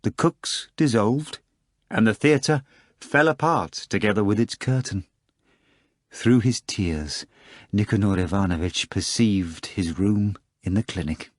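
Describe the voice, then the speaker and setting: Man, audiobook narrator, low voice, dry close sound, measured reading. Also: no room sound. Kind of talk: scripted narration.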